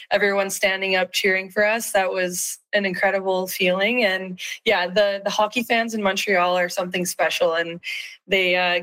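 A woman in her thirties, a hockey player speaking as an interview guest, slightly hoarse, upbeat, with frequent fillers and laughs. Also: medium pitch, a bit bright, rough recording. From Saskatchewan, Canada. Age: 30s. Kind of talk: casual interview.

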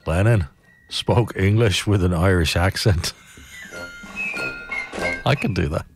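A man's voice: low-pitched, takes it slowly, soft background music. A man hosting a breakfast radio show, reading out trivia in a casual, chuckling, rambling way. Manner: chuckling, rambling, self-amused.

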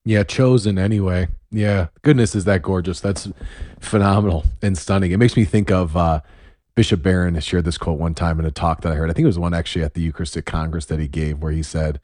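Man, podcast host, very deep voice, thoughtful, enthusiastic, dry sound. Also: fairly even intonation, fast, a little mellow, no echo. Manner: thoughtful, enthusiastic, asks questions. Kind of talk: casual conversational interview.

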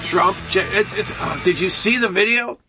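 A man's voice: high-pitched, normal speed, vocal fry, pushed and bright, soft background music. A man hosting a talk radio show, joking and rambling in a sarcastic way.

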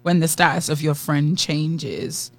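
A woman with a London accent co-hosting a podcast, talking candidly and teasing as she thinks out loud. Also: sits low, steady tone, measured pace. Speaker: podcast co-host. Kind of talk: casual chat.

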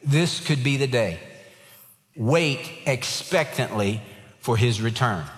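A man's voice: mid-range voice, lively intonation, slow. A man preaching a sermon in an earnest way, shifting his emphasis and telling a joke. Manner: earnest preaching, varied emphasis, tells jokes. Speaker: pastor. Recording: long hall reverb.

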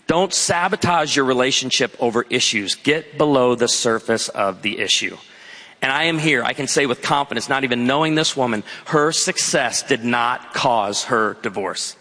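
A man preaching a sermon, telling stories and slowing down for emphatic points. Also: medium pitch, bright, forceful tone. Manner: storytelling preacher, shifting between quick asides and slow emphatic lines. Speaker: pastor. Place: large hall before an audience. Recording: long hall reverb.

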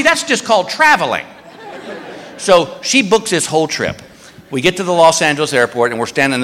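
A man's voice: a little high, bright, forceful tone. A middle-aged man telling a stand-up comedy story with a wry, self-deprecating manner. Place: live comedy stage. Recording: stage reverb with faint audience ambience.

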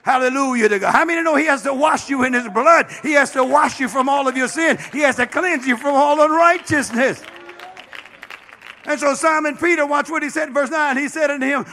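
A man's voice: very high voice, a little fast, bright, forceful tone. A man, a bishop, preaching a sermon with passion, dropping frequent amens and calling out to the congregation. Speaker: bishop and pastor.

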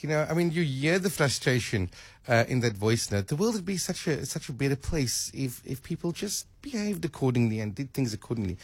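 A man hosting a talk show, musing aloud, often repeating words and getting animated. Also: medium pitch, no echo. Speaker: radio host. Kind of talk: casual radio chat.

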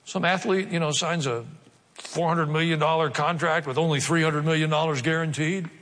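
A man's voice: a little high, steady tone, normal speed, fairly bright tone. A male pastor preaching a sermon, mixing wry jokes with dramatic emphasis. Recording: long hall reverb.

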